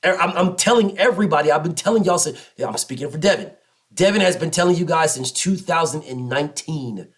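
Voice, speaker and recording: A man in giving an emphatic, repetitive solo commentary rant as host, often mocking others in low put-on voices. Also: a little fast.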